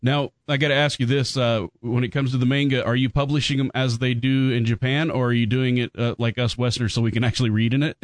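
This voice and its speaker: A man hosting a podcast, chatty and upbeat, laughing often and filling pauses with "uh". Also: medium pitch, little pitch movement, dry recording. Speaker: podcast host. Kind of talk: casual podcast chat.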